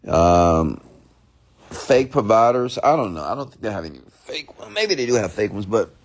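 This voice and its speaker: A man's voice: fairly low pitch, sing-song, normal speed, no room sound. A man hosting an unscripted livestream rant, talking casually and checking in with "okay?" and "get it?". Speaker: online marketing host.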